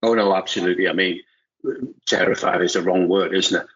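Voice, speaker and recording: A middle-aged former footballer talking as a pundit in casual podcast chat, rambling with restarts and tag questions. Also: male voice, deep voice, level tone, brisk, a bit bright. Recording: muffled lo-fi audio.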